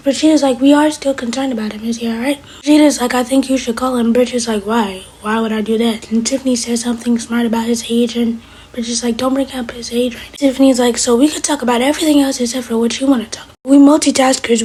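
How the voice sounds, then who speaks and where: Heard over a low-quality recording, this woman's slightly high, mellow, husky voice quickly retells a TV episode scene by scene for her channel, where she reviews shows casually. Whenever she quotes a character, her voice hardly changes from her narration.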